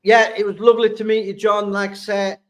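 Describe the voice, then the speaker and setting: A man's voice: high voice, little pitch movement, brisk. Chatty Sheffield man hosting a fan stream. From England. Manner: reads out viewer comments and answers them, blunt and chatty. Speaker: fan channel host. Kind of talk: live fan reaction stream.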